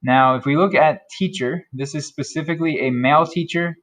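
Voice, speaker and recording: A man teaching German vocabulary, repeating each word slowly and carefully. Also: a little high, fairly bright tone. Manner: slow, careful modeling of German words. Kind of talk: vocabulary lesson.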